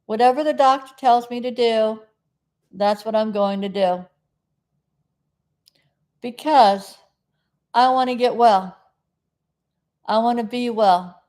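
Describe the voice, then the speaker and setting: A middle-aged woman talks in a slow, unhurried way, drifting from one thought to the next. Her voice sits a little high, and she fills the gaps as she chats to her viewers on a casual stream. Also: darkish tone. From South Florida. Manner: chatty, meandering, loses her train of thought. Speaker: live-stream host. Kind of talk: rambling casual live-stream chat.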